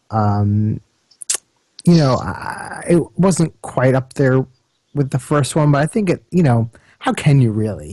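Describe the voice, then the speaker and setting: Warm-toned male co-host, halting filler-heavy delivery, dry close sound. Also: medium pitch, no echo. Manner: hesitant, lots of fillers. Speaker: podcast co-host. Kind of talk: casual chat, movie review.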